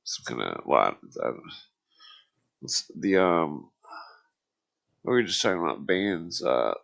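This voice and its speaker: Deep, bright-toned drawling man. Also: very animated, takes it slowly, vocal fry. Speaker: podcast host. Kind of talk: casual chat.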